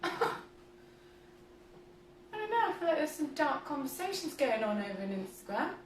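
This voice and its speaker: A woman with a high, bright-sounding voice chats her way through a home baking livestream. She giggles and reads viewer comments aloud as she goes. The camera mic sits a step away in an echoey kitchen, with faint background sound. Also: sing-song, moderate pace, a little hiss or hum. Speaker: host of a home cooking livestream. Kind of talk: casual livestream chat while baking. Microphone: camera mic at a distance. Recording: roomy kitchen from a distant mic.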